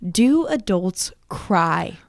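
A young woman co-hosting a podcast in a playful, chatty way, her speech full of fillers. Her voice sits at a middling pitch. The sound is close and dry. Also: lively intonation, extremely slow, vocal fry, dry recording. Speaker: podcast co-host. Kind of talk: casual chat.

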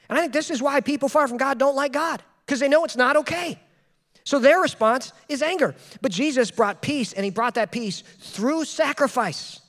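Male pastor, 30s, animated conversational sermon, high-pitched, reverberant church hall. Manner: animated, conversational, rhetorical questions.

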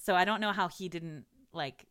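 A woman co-hosting a podcast, talking bluntly and with sarcasm, and swearing without a second thought. Her voice sits fairly low and sounds bright and forceful. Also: normal speed. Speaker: podcast co-host. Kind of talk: casual chat.

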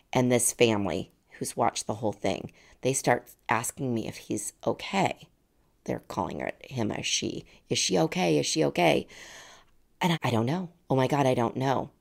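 A woman in her forties telling a personal story in a casual, animated way, laughing often and acting out what people said. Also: a bass voice, gravelly. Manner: animated, laughing, acts out quoted voices.

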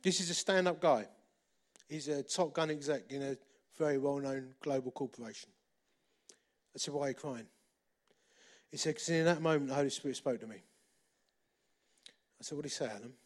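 A middle-aged man preaching a sermon, repeating phrases for emphasis and moving between loud and hushed delivery. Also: mid-range voice, a little fast, pauses often. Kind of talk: sermon with storytelling.

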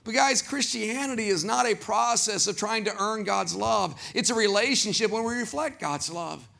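A man with a Southern accent, preaching a sermon as pastor, animated and acting out quoted voices. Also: sits high, normal speed, vocal fry.

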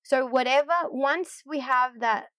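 A woman's voice: sits high, steady tone, measured pace, fairly bright tone, no echo. Middle aged church lady rambling candidly, um's everywhere, dry close mic. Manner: candid, self-deprecating, rambling with fillers. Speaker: church leader. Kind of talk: casual reflective talk.

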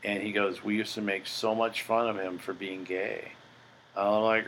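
A man's voice: lowish voice, level tone, measured pace, a bit bright, a little hiss or hum, rough recording. An older man hosting a podcast, telling a story in a blunt, profane, boastful way. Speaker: podcast host. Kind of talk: casual storytelling monologue.

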